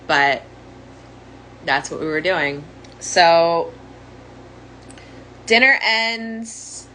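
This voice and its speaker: A woman's voice: on the low side, animated, drawn-out words, pushed and bright, slight background noise, poor audio. A young woman candidly telling her own story as a survivor, in a conversational monologue full of "like" fillers. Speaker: domestic violence survivor sharing her story.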